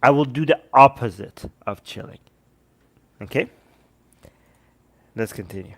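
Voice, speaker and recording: A man hosting a livestream, reacting to videos with sarcastic, animated commentary and talking to his chat. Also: mid-range voice, measured pace. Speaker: livestream host.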